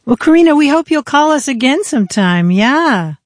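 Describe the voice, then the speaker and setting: A woman's voice: high-pitched, sing-song, normal speed, no echo, clean studio sound. A woman co-hosting a call-in radio show, chatting with callers in a friendly way. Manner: friendly, conversational, welcomes callers.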